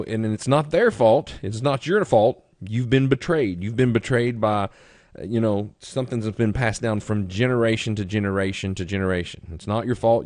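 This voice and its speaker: A man's voice: lowish voice, darkish tone, no echo, studio quality. A man teaching traders at a live seminar, telling stories and asking rhetorical questions. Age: adult. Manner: conversational storyteller, rhetorical questions. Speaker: trading educator. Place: room with a live audience.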